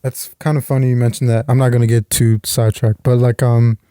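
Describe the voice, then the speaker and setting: A man guesting on a casual movie review podcast, easygoing and quick to laugh and agree. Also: mid-range voice, level tone, warm tone, clean tone, no room sound, clean studio sound. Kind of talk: casual chat.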